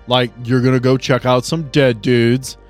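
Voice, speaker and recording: A man's voice: medium pitch, level tone, normal speed, faint music behind, natural voice. A man voicing a laid-back young stoner bro who keeps saying "like" and "bro" in a surfer drawl. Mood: easygoing.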